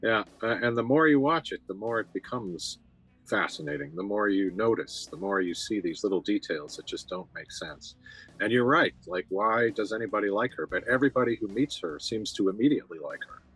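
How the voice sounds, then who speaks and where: Deep husky man, thoughtful film talk. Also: lively intonation, a bit bright, rough recording. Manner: thoughtful, measured, hesitant fillers. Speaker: podcast co-host. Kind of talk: casual film discussion.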